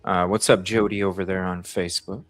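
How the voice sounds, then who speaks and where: A man's voice: deep voice, flat delivery, a little fast, soft background music. A man hosting a live stream, reading a call transcript aloud and chatting with viewers about their comments and votes. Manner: reads out chat comments and asks viewers to vote.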